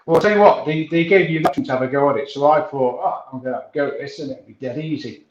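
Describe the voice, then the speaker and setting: A man's voice: medium pitch, fast talker. A man hosting a casual chat, talking in a chatty way, laughing often and using British slang. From Wales. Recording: roomy, dull, faint hiss.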